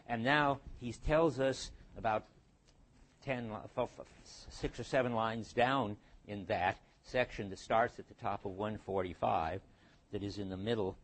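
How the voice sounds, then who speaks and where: Older male professor, lecture hall, halting delivery full of restarts. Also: lowish voice. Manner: halting, restarts and thinks aloud. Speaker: philosophy lecturer. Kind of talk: university lecture.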